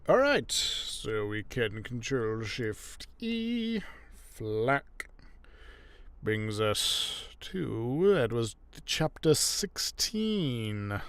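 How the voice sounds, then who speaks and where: A man's voice: mid-range voice, sing-song, very slow, a bit bright, clear, resonant tone, no room sound. A tired man who narrates audiobooks, talking to himself as he edits one, often drifting into whispers. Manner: muttering thoughts aloud, drifting into whispers. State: tired, yawning. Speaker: audiobook narrator editing his recording. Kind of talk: casual talk-along while editing.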